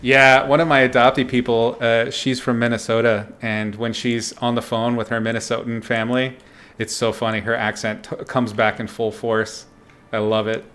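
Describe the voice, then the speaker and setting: A man's voice: mid-range voice, flat delivery, normal speed, a bit bright. A man talking casually to his viewers on a livestream, answering chat and laughing often. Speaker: streamer chatting with viewers while painting.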